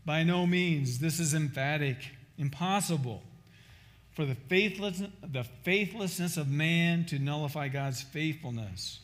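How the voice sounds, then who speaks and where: A man preaching a sermon in a somewhat high voice. He talks emphatically, stumbles and repeats words as he restarts his sentences, and sounds like a pastor teaching his church. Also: unhurried, a bit bright.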